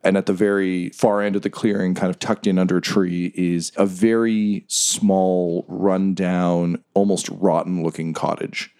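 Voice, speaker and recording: A man's voice: sits low, little pitch movement, a little slow, few pauses, dark tone, smooth. A man running a tabletop game as game master, narrating scenes descriptively and playfully.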